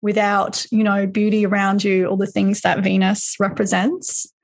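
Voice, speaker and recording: A woman with an ordinary middle-pitched voice, talking in a relaxed, chatty way. She shares personal anecdotes and loosely linked thoughts in a casual conversation. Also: normal speed, gravelly. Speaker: astrology podcast host.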